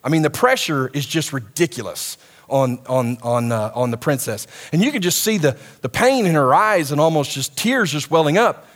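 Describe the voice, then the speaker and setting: Brief: middle-aged male preacher, slightly raised pitch, casual sermon delivery that pulls in the crowd with questions. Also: animated, normal speed, a bit bright. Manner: conversational, engages the audience with questions. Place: church hall with a live congregation.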